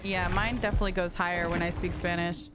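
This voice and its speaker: A woman's voice: fairly low pitch, steady tone, fast talker, background noise. A young adult woman streaming a game, chatting casually and laughing easily, slipping between English and Spanish as she answers her chat. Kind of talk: casual live-stream chat while gaming. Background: background music.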